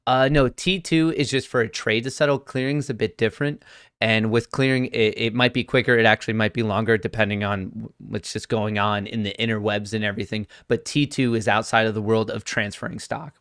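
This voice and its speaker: Animated young man venting to viewers. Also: lowish voice, a little fast, no room sound, clean studio sound. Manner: animated, exasperated storytelling. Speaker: livestream host. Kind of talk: casual storytelling to viewers.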